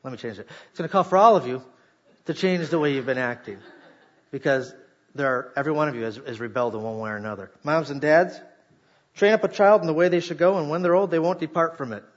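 A man with a somewhat high, husky voice delivers an animated sermon and jokes with his congregation. The recording sounds a bit muffled and dull. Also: fast. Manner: animated, jokey preaching to a congregation. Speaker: pastor.

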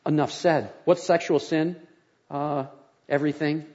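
Older guy pastor preaching, kinda high voice, chatty folksy storytelling, dull lo-fi church tape. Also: a little slow. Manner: folksy storytelling, animated in anecdotes. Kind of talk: sermon.

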